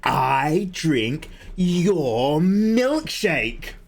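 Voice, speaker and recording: A man's voice: a little high, big pitch swings, extremely slow, gravelly, slight background noise, voice pushed up, heavily acted. A man voicing a rude, careless gas repairman in a smug, mocking manner.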